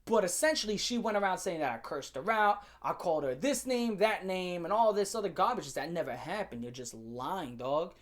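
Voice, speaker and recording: In a high-pitched voice with lively intonation, a young man tells a storytime rant at a moderate pace with few pauses. Profane and slangy, he addresses viewers directly, repeats his points, and works himself up into a heated retelling.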